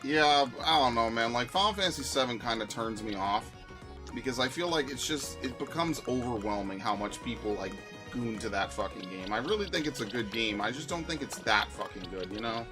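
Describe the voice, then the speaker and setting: A man's voice: mid-range voice, expressive, brisk. A man streaming games, chatting casually and ranting with a lot of swearing. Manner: profane, ranting, exasperated. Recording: music behind voice.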